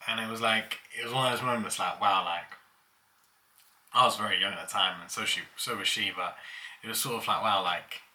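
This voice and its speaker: A man's voice: fairly low pitch, a little fast, bright, forceful tone. A young man casually telling childhood stories, laughing as he goes. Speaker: vlogger. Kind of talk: casual storytelling.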